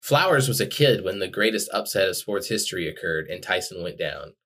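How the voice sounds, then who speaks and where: A man's voice: low-pitched, lively intonation, fairly quick, fairly bright tone. A man co-hosting a podcast, chatting casually, reading descriptions aloud, and making dry teasing remarks. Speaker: podcast co-host.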